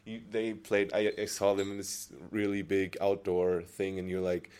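A man's voice: deep voice, monotone, normal speed, a little mellow. Hesitant man. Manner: hesitant, repeats words. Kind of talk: casual chat.

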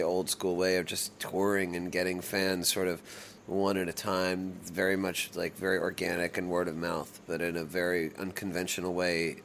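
A man's voice: low-pitched, vocal fry, a bit bright, a little hiss or hum. A middle-aged man, a touring musician from the United States, talking casually in an interview and rambling with restarts and fillers.

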